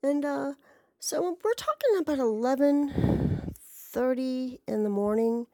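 A woman's voice: high-pitched, lively intonation, slow pace, darkish tone, no room sound. A woman telling a rambling story in a chatty, profane way, full of asides and fillers. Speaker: podcast storyteller. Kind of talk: casual storytelling monologue.

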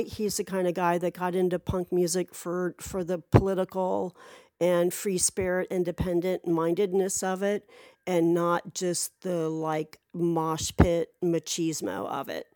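A woman's voice: fairly low pitch, fairly even intonation, a little slow, dark tone, dry recording. A woman casually telling a personal story, rambling with many fillers and restarts and swearing freely.

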